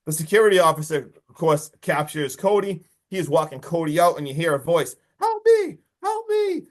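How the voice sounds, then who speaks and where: A man hosting a podcast, excitedly recapping a horror movie in casual chat and acting out lines from it. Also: a little high, fairly quick. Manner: excited, swearing, acts out lines from the film. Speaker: podcast host.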